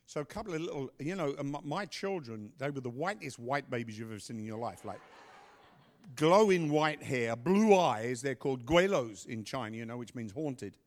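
A middle-aged man telling a story and giving announcements at a church service, animated, with loud bursts. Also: mid-range voice, fast talker, few pauses. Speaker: pastor.

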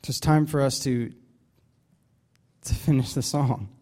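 A man's voice: medium pitch, steady tone, unhurried, dark tone. A man leading a Bible study, preaching casually with many fillers and restarts. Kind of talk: casual sermon.

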